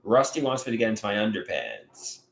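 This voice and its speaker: A man livestreaming on his own, reading viewer comments aloud and talking in a halting, rambling way with many restarts. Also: on the low side, very animated, vocal fry, echoey room, slight background noise. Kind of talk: casual livestream chat.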